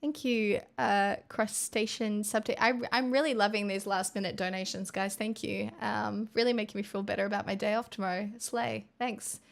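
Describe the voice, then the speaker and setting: An Australian woman streamer in casual livestream chat, rambling and playful, drifting into soft murmurs. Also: mid-range voice, fairly even intonation, normal speed, gravelly, hardly any pauses.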